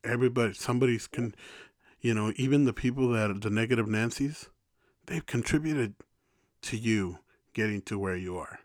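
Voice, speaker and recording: A man's voice: fairly low pitch, normal speed, a little mellow, no room sound, studio quality. A man talking reflectively in a casual podcast conversation, rambling with many restarts. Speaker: podcast co-host.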